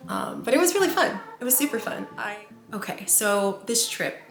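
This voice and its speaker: A woman's voice: mid-range voice, animated, moderate pace, gravelly, roomy sound, soft background music. A woman vlogger chatting to her viewers in her kitchen, gushing and chatty, full of filler words. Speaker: vlogger, channel host. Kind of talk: casual chat to camera. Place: home kitchen.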